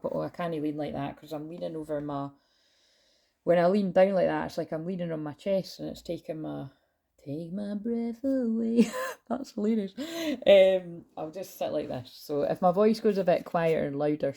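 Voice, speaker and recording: Woman tarot reader, low gravelly voice, loud and sweary, casual. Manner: loud, chatty, swears freely. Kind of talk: casual tarot reading monologue. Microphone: built-in camera mic, no lapel.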